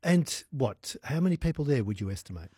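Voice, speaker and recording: A man hosting a casual studio radio interview. He is chatty and quick to react. His voice sits mid-range and sounds close and dry on the studio mic. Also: medium pitch, sing-song, mellow, husky, no echo. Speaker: radio host.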